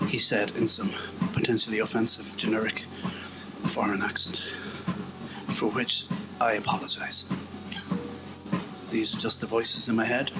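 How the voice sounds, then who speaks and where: A video blogger from Ireland muses aloud while working out on a treadmill indoors, his medium-pitched voice captured on a low-quality recording. He rambles and mocks himself, often dropping to a murmur for asides under his breath, as calm instrumental music plays behind him.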